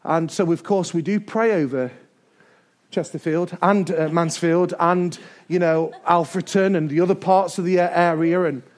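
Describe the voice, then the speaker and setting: A man preaching a sermon to his church, energetic and building to shouts, with joking asides. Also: a little high, moderate pace. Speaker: pastor. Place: church service before a congregation.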